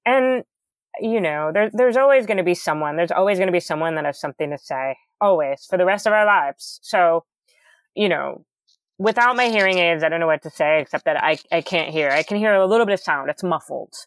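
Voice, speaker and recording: A middle-aged woman guest in a casual interview, talking candidly with a loud, booming voice and careful enunciation. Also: lively intonation, brisk.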